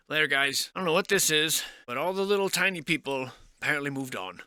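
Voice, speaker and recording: A man's voice: mid-range voice, animated, a little fast, hardly any pauses, bright, forceful tone, clean tone, dry recording. Man for a casual vlog: dry close sound, loose and speculative, trails off often. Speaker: vlogger. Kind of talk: casual musing commentary.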